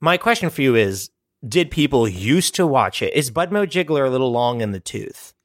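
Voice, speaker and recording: A man co-hosting an improvised tabletop game podcast, riffing excitedly and laughing often. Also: mid-range voice, moderate pace, no echo, studio quality. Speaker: podcast co-host. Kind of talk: casual improvised chat.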